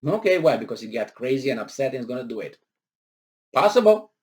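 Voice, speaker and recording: A man commenting on a news article, arguing with rhetorical questions and sarcastic asides, with frequent hesitations and pitch that jumps on emphatic words. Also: sing-song, fast, a little mellow. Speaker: political commentator.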